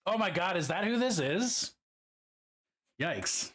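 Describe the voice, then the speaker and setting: A man's voice: high-pitched, lively intonation, slow pace, fairly bright tone. Chatty, swearing man livestreaming. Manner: chatty, swears freely, reacts to viewer comments. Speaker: livestreamer painting miniatures. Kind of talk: casual livestream chat.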